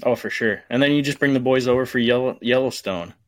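A man's voice: mid-range voice, quick pace, no room sound. A man hosting a podcast, asking his guest questions in an easygoing, casual way. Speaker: podcast host.

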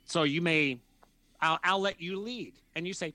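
Bright, dry-sounding male counselor. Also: fairly high pitch, normal speed, no echo. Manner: acts out imagined dialogues in different voices. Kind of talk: explanatory conversation.

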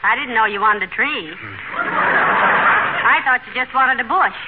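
An actress playing a dry-witted, teasing middle-aged wife in 1940s radio comedy, matter-of-fact. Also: female voice, on the high side, lively intonation, slow, phone-quality sound. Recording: scratchy 1940s radio broadcast, loud hiss.

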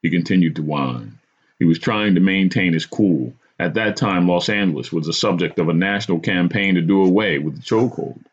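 A man's voice: deep voice, brisk, breathy edge. A man hosting a podcast, telling a true story from his own life in a dramatic first-person style. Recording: dull lo-fi recording.

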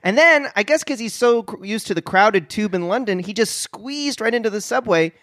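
Man, podcast co-host, improvised comic banter, slightly high animated voice, dry sound. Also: normal speed, no echo. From Toronto, Canada. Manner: plays along, tells tall tales matter-of-factly.

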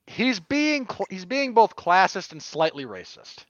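Sarcastic higher-voiced man, dull mic. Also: very animated, takes it slowly, a bit bright, no echo. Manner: sarcastic, stammering restarts. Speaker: podcast co-host. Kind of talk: casual movie review chat.

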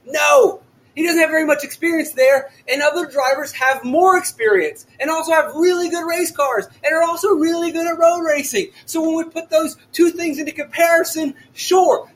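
Podcast host, male, young adult, very high voice, loud and excitable, frequently shouts. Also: poor audio. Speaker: fantasy sports podcast host. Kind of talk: solo podcast talk.

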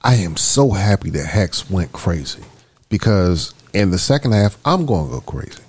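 A man's voice: low voice, animated, normal speed, a little mellow, slightly rough. A man co-hosting a casual podcast discussion, blunt and profane.

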